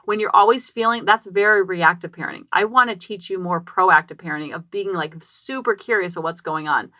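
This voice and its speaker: Woman, 30s, podcast host, animated storyteller with crisp bright tone, recorded dead-dry in a closet. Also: on the low side, fairly quick, no room sound. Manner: chatty and animated, acting out quotes, many "like" fillers. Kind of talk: personal storytelling. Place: small closet. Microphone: podcast microphone.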